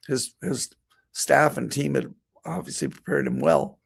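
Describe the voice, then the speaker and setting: Middle-aged male vet with a heavily gravelly, mid-pitched voice, relaying a personal story in a speech. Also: very animated, moderate pace. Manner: storytelling, quoting himself and others. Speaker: veterinarian giving a talk.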